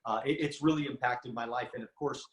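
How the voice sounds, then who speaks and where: A man's voice: medium pitch, steady tone, fairly quick, roomy sound, slight background noise, rough recording. A man hosting an interview who speaks eagerly and stammers, with many restarts. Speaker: interview host. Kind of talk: interview conversation.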